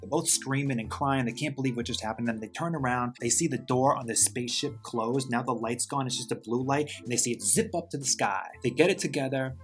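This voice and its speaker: A man's voice: mid-range voice, brisk, hardly any pauses, faint music behind. Campy, chatty man telling a story. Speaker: host, storyteller. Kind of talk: casual storytelling vlog.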